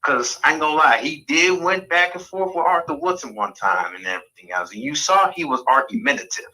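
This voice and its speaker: Male caller, bright-toned and lively, chatty and rambling. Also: on the high side, a little fast, poor audio. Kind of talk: casual call-in talk. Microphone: phone line.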